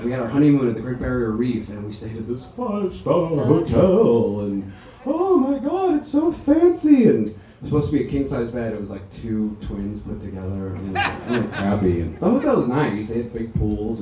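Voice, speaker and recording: A man, the son of the deceased, giving a memorial speech in a ballroom, telling chatty, animated anecdotes. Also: mid-range voice. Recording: echoey hall, speaker heard from a distance.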